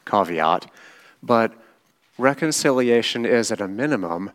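A man delivers a sermon in a lowish voice. He speaks very slowly and deliberately, like a patient teacher, and often checks in with his listeners. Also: fairly bright tone. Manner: slow, measured teaching with frequent "right?" checks. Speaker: pastor.

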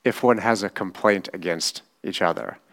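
A man preaching a sermon, teaching slowly and often checking in with his listeners with a quick "right?". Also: deep voice, fairly bright tone. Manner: slow, measured teaching with frequent "right?" checks. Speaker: pastor.

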